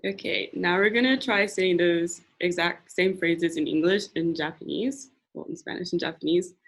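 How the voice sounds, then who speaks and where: A young woman presenting a classroom lesson, speaking patiently and repeating phrases slowly for learners. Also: on the low side. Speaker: language and culture presenter. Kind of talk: classroom teaching.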